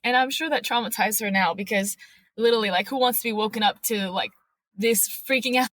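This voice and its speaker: Speaking brisk and a bit bright, with fairly high pitch and no echo, a widowed podcast guest earnestly recounts her story. In this emotional interview she relays events by performing the quotes of others.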